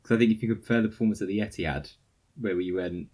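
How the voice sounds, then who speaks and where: A man's voice: on the low side, quick pace, darkish tone. A man co-hosting a casual podcast, speaking bluntly and swearing freely. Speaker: podcast co-host. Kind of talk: casual chat.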